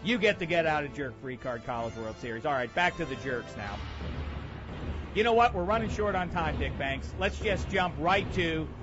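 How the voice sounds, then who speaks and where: A man's voice: fairly high pitch, animated, moderate pace, muffled recording, music in the background. A man hosting a comedic sports radio segment, ranting sarcastically and with heavy emphasis. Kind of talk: comedic sports commentary rant.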